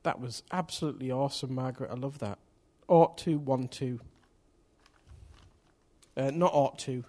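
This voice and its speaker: A man preaching a sermon in a church, telling a story with energy, rising to excited shouts and dropping to near whispers. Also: medium pitch, normal speed, pauses often. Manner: swings from hushed to excited shouting; lively storyteller with local place names and slang.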